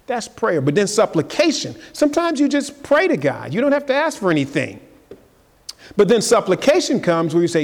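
A man preaches from the pulpit in a voice pitched a little high, talking earnestly and building toward emphatic peaks. His words ring out with a long reverb, as if filling a large church sanctuary. The delivery is a live sermon to a gathered and online congregation. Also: very animated, normal speed. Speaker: pastor.

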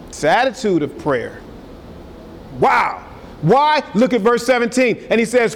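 High-voiced male preacher in a reverberant hall. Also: animated, unhurried. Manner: emphatic, calls out to the congregation. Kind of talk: sermon. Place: church sanctuary. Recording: long reverb of a large hall, faint noise.

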